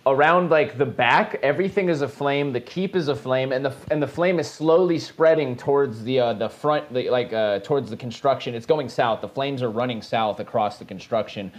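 A man narrating as game master for a tabletop game, hesitant and full of "like" and "uh". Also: mid-range voice. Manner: hesitant, fills pauses with "like" and "uh".

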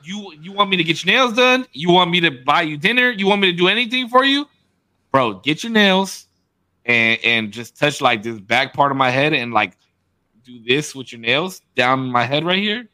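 Bright, animated young male podcast host. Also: on the high side, normal speed, no room sound. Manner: animated, emphatic, laughs often, swears. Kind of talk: casual chat.

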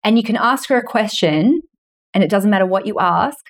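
A woman's voice: expressive, a little fast. A woman in her forties, a guest on a podcast, telling anecdotes casually and acting out the voices she quotes. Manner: storytelling, acting out quoted voices with big pitch jumps. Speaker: guest, money mentor and author.

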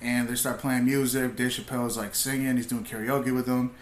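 A young man, a comedian, telling stories in laid-back casual talk, swearing freely and getting animated as he retells. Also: medium pitch, fairly quick, roomy sound. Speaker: comedian, podcast guest. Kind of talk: casual storytelling.

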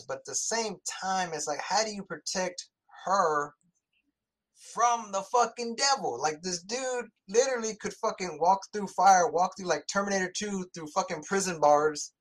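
Man, high voice, casual movie chat, profane, animated. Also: normal speed.

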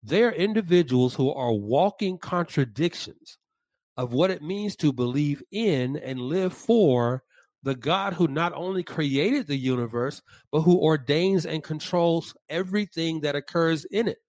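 A man co-hosting a Christian podcast, speaking in a measured, deliberate way and reading quotations slowly. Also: on the high side, animated, darkish tone, dry recording. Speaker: podcast co-host.

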